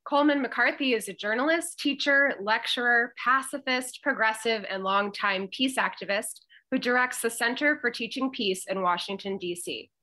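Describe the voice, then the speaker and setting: A woman co-hosting a radio show, reading a guest introduction crisply. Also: a little high, moderate pace, hardly any pauses, bright, forceful tone. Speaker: radio co-host.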